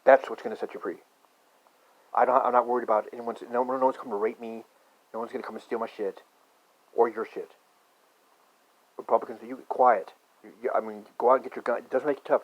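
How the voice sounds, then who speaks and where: A man's voice: mid-range voice, steady tone, quick pace, long pauses. Ranting man on a dull lo-fi recording. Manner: ranting, profane, swings from muttering to shouting. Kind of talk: rambling conspiracy rant.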